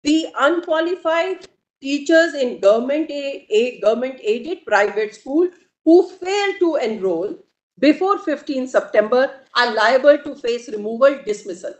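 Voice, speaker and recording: A woman, arguing formally before a court in a measured, emphatic way. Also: high-pitched, lively intonation. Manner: measured, emphatic, addresses the bench repeatedly. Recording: echoey courtroom audio.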